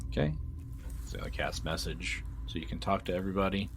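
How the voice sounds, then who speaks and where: A man narrating calmly and descriptively as game master of a tabletop game. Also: low voice, brisk, a little hiss or hum.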